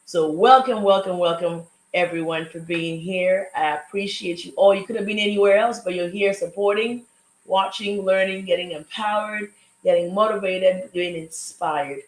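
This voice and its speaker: A woman's voice: mid-range voice, echoey room, rough recording. A woman with an African accent hosting a live talk show, greeting viewers and a guest with effusive energy. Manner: exuberant, effusive welcomes. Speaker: host. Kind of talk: upbeat live show chat.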